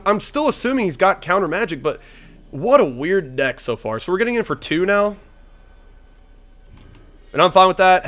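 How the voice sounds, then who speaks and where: A man's voice: on the high side, fairly bright tone. Profane, rambling young man gaming. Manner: rambling, profane, thinking aloud. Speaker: gaming YouTuber. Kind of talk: casual gameplay commentary.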